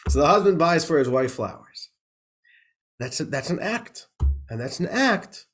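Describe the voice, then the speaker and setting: A man's voice: mid-range voice, sing-song, fairly quick. A man, a rabbi, teaching an informal class, talking in a chatty way with laughs, many restarts and questions like "right?". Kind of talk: informal class lecture with a joke.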